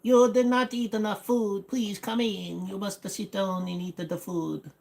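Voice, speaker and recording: A man's voice: very high-pitched, unhurried, pitched above the performer's own voice. A man voicing a bossy old grandmother who pushes food on guests, with an exaggerated put-on foreign accent. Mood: insistent.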